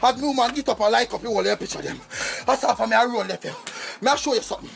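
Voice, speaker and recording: High gravelly Jamaican man ranting. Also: rapid-fire, few pauses, over music. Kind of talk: comedic vine rant.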